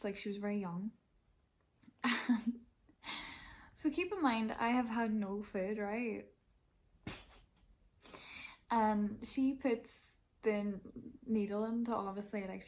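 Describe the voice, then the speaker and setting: Young Irish woman, chatty vlogger, rapid casual storytelling with frequent laughs and swearing. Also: mid-range voice.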